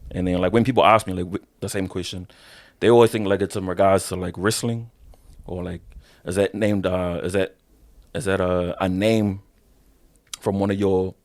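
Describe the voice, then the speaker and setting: A man tells his wrestling stories in a relaxed interview. His voice sits fairly low, and he talks in loose slang, swearing freely and calling people "bro.". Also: normal speed. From New Zealand. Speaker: professional wrestler, podcast guest. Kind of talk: casual interview storytelling.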